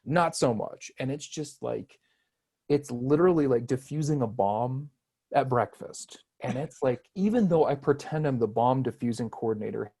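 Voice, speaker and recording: Man, 30s, podcast guest: mellow, warm tone, rambling and reflective, self-deprecating. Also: medium pitch, normal speed, husky. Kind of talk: casual conversational interview.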